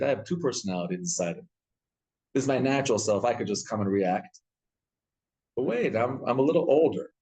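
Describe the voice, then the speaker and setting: A man's voice: medium pitch, mellow. A male rabbi gives a live Torah class in a synagogue study hall. He tells stories with animation and often repeats and restarts his words.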